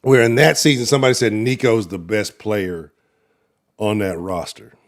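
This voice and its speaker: A man hosting a live sports talk show, giving profane, animated, trash-talking commentary. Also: fairly low pitch, normal speed. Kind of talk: casual livestream sports commentary.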